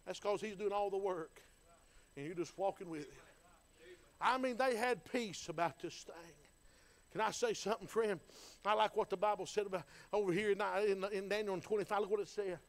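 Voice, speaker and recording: A man's voice: high-pitched, normal speed. A man preaching a sermon in a folksy, fervent style, building in intensity. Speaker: pastor.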